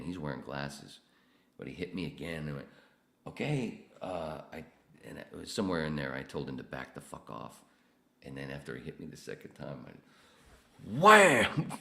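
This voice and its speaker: Rumbling low and creaky, this man's voice carries his podcast. As host, he spins casual, meandering stories full of swearing.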